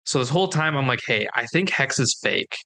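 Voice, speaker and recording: A man's voice: mid-range voice, lively intonation, brisk, sharp tone. A young man co-hosting a podcast, telling a story in casual chat and acting out the dialogue. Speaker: podcast co-host.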